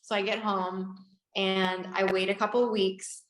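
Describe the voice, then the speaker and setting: A woman dentist in her forties telling a long story in an interview, animated, laughing, acting out the people she quotes. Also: mid-range voice, unhurried, echoey room, a little hiss or hum, poor audio. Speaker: dentist guest.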